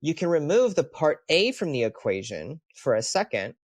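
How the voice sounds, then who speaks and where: A man's voice: a little high, big pitch swings, moderate pace, dry recording, studio quality. A man co-hosting a relationship advice podcast, talking thoughtfully and sometimes searching for the right words. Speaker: podcast co-host. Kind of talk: casual advice conversation.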